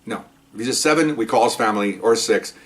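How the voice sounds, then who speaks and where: A middle-aged man, a former police officer, telling his own stories in an animated monologue with sarcastic asides. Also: lowish voice, fast talker. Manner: animated, sarcastic asides, mimics people he quotes. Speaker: retired police officer, podcast host. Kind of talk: storytelling monologue.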